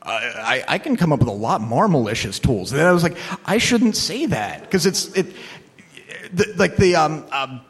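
A man's voice: medium pitch, expressive, normal speed, breathy edge. A man who is a lawyer, giving a casual, anecdotal talk on computer crime law, acting out quoted voices. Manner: casual and profane, many fillers. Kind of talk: conference talk with audience Q&A.

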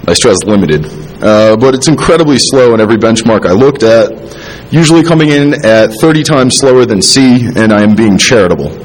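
A man giving a technical conference talk, halting with many fillers and restarts, dropping dry self-deprecating asides, a little tipsy from drinking. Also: on the low side, expressive, low-quality recording. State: tipsy, drinking while talking. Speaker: conference speaker. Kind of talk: technical presentation.

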